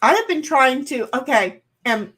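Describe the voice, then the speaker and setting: A woman livestreams alone from home, chatting easily and unhurriedly with viewers and reading out their comments. Her voice sits a little high, with an animated, fairly bright tone, and she rambles from one thought to the next. Playfully confused, she's self-deprecating and quick to laugh at herself.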